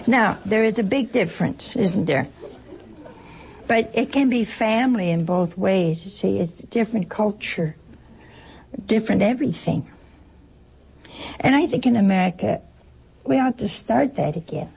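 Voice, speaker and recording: Brief: gravelly woman with a very husky voice, folksy anecdotal speaker who plays out little dialogues. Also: mid-range voice, moderate pace, a little mellow, rough recording. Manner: folksy, joking storyteller; acts out short exchanges in other voices. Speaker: speaker addressing an audience. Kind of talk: informal spoken talk with anecdotes.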